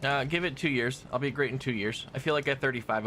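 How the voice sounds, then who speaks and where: Chatty young streamer, casual and rambling, mid-pitch voice, faint game ambience underneath. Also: male voice, lively intonation, quick pace, pushed and bright, slight background noise. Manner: chatty, rambling, talks to chat while playing. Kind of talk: casual gaming stream chat.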